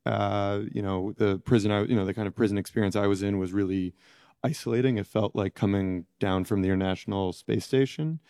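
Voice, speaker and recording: A middle-aged man with a low, mellow voice answers interview questions in a halting, reflective way, often pausing to search for words. His voice sounds close and dry, with no room around it. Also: fairly even intonation, smooth, no echo. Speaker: interview guest, former prisoner.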